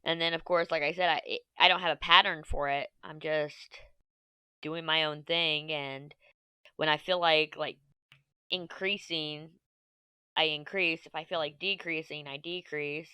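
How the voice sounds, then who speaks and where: A woman vlogging casually while she crafts, chatty and self-mocking, thinking her plans out loud. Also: low voice, fairly even intonation, measured pace, clear, resonant tone, no echo.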